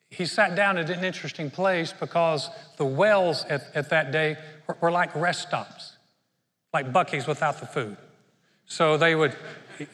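A man delivers a sermon in a high, bright voice. He tells the story conversationally, often restarting his sentences. His voice rings with a long reverb, as in a church hall. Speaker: pastor.

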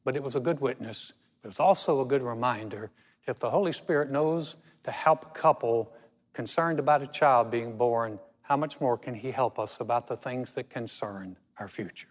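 A man preaching a sermon, telling stories in a conversational way and slowing down for emphasis. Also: medium pitch. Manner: storytelling, conversational with dramatic slow emphasis. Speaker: pastor. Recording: long hall reverb.

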